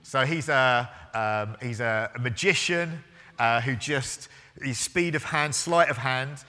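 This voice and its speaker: A man in his forties gives a sermon as pastor, speaking slowly in a mid-range voice with a sharp tone. He tells a story, restarting hesitantly and acting out both sides of the conversation, while the church hall lends a long reverb.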